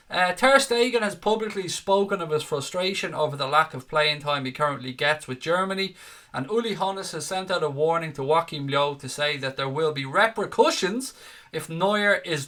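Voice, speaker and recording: A man hosts a casual football fan chat show, reading viewer comments aloud. His voice is bright and sits a little high for a man. He is sarcastic and jokey, and he swears freely. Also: animated, moderate pace.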